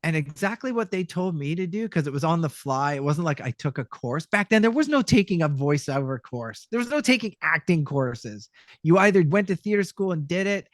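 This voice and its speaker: A man's voice: on the high side, a little fast, no room sound, clean studio sound. A middle-aged man from Canada, a voice actor telling stories in a casual interview and acting out the voices and lines he quotes. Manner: animated storyteller who acts out voices and quotes. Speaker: guest voice actor.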